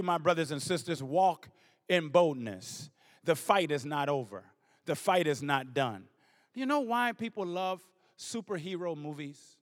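A man's voice: on the high side, expressive, unhurried, fairly bright tone. A middle-aged man, a bishop preaching a sermon, who weaves scripture with a personal story and drives his points home through rhythmic repetition.

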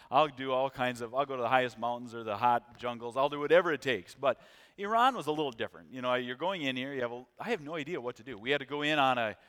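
A man's voice: mid-range voice, smooth. A middle-aged American man preaching a missions sermon, his voice set in the middle of the male range. He tells stories conversationally and keeps turning to the congregation with questions. The sound rings with the long reverb of a big church hall. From United States. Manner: conversational, animated storyteller who asks the congregation questions. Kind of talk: sermon with storytelling. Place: church sanctuary.

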